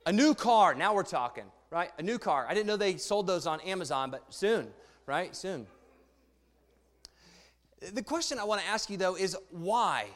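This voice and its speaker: A male pastor with a high-set voice gives a youth sermon, chatty and lively and asking his listeners questions. His voice rings out with a long hall reverb behind it. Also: unhurried, long pauses. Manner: lively, conversational, asks the audience questions. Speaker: pastor speaking to a youth congregation. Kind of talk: sermon with a read-aloud story.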